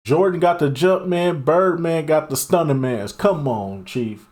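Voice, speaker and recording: A man hosting a reaction video, swearing and mocking what he watches, laughing loudly and talking in slangy street talk. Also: fairly high pitch, unhurried. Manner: profane, mocking, bursts into loud laughter. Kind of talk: casual reaction commentary.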